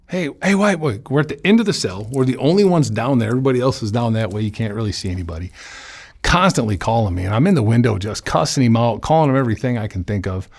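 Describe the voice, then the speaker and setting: A man's voice: lowish voice, husky. A man in a sit-down interview, candidly telling his life story in blunt, profane language. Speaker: interview guest.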